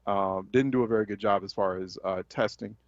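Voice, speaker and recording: A man's voice: lowish voice, steady tone, fairly quick, no room sound, dull audio. A man from Philadelphia, a radio talk host giving impassioned, indignant commentary with many fillers and restarts.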